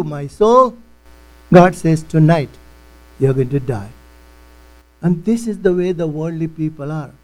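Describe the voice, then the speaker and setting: A man's voice: on the high side, dark tone, poor audio. A man preaching a sermon in emphatic, non-native English, repeating words for weight.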